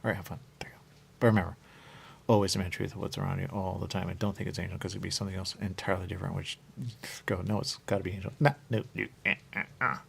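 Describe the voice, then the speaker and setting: A man hosting a radio show, talking in a rambling monologue that keeps repeating the same catchphrases and jumps suddenly up in pitch. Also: level tone, rapid-fire, gravelly, fairly bright tone, a little hiss or hum.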